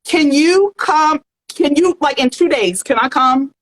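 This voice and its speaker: A woman's voice: high-pitched, a little slow, fairly bright tone, pitched above the performer's own voice, rough recording. A woman putting on a haughty, demanding diva pop star, sassy and imperious. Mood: airy, haughty. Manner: sassy, imperious, calls for champagne.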